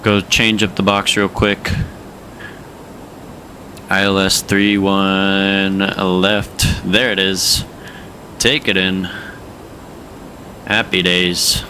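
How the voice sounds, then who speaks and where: In this casual livestream chat, a young guy playing a flight sim jokes around with viewers, using slang and mock accents. He speaks in a low, level voice, very slowly and with frequent pauses, his tone sharp, and there's slight hiss or hum.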